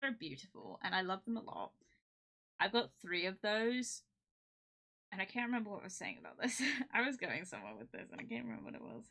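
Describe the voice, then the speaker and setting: Bright-voiced giggly woman streamer. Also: mid-range voice, fairly quick. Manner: excitable, giggly, rambling with many fillers. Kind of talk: casual live-stream chat.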